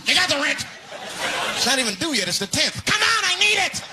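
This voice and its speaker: A man voicing a jittery, pushy male landlord who nags and pleads for rent in a frantic, high voice. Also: big pitch swings, a little fast. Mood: pleading. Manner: frantic, high, nagging pleas. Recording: loud crowd noise of a live stand-up show.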